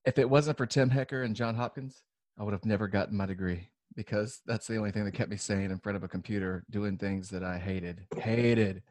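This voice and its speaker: A man's voice: on the low side, fairly even intonation, darkish tone, no echo. Man who stammers through casual chat. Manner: halting, repeats words when starting sentences.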